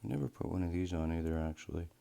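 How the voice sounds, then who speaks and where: A man's voice: low voice, lively intonation, rapid-fire, vocal fry, warm tone. A man hosting a watch modding video, chatting casually and rambling to himself as he works. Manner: rambling, talks to himself, self-deprecating. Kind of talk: casual narration while working.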